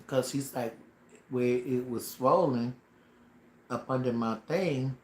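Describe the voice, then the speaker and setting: A man livestreaming a dramatic personal story, animated and slangy, tossing in sound effects as he goes. He sits at an ordinary middle pitch in a roomy, echoing space with faint background ambience. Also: slow, slight background noise.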